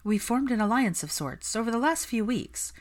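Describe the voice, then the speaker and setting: A woman voicing a calm young witch healer who answers in terse, defensive replies, in a storybook reading. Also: on the high side, normal speed, pitched above the performer's own voice, close to an everyday voice. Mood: guarded.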